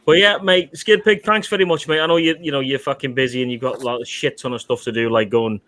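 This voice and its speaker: A man's voice: mid-range voice, fairly even intonation, fast talker, fairly bright tone, dry recording. A man hosting a casual live show who thanks guests effusively, swears freely and calls everyone mate. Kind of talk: casual live-stream chat.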